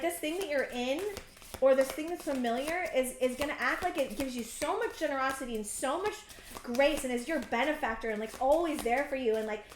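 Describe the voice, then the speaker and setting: A woman's voice: sits high, reverberant, a little hiss or hum. A woman in her thirties giving an earnest, emphatic pick-a-card tarot reading, often restarting her sentences. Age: 30s. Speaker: tarot reader.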